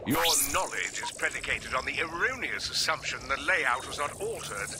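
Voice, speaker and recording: An actor playing a precise, pedantic robot scientist who speaks in formal, careful language. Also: male voice, medium pitch, sing-song, normal speed, music in the background, lightly acted. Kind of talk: video game voice acting.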